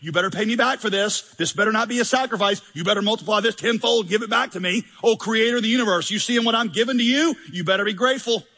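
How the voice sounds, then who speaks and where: Man doing a higher, whiny, entitled churchgoer bossing God around, husky voice, hall echo. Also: fast talker, hardly any pauses, bright, forceful tone. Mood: smug demanding. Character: self-centered demanding churchgoer praying to God, man.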